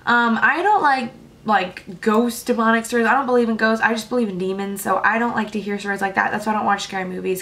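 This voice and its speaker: A teenage girl vlogging at home late at night, her voice sitting a little high. She rambles through her stories in a breathless, casual way and leans on filler words. The feel is a personal chat straight to the camera. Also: a bit bright. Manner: chatty, filler-heavy, breathless retelling.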